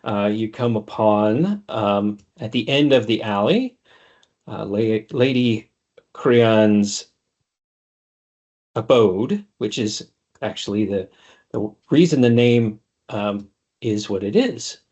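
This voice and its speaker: A man's voice: on the low side, lively intonation, takes it slowly, pauses often, darkish tone, highs cut off. A man narrating a tabletop game as game master, describing scenes with frequent fillers.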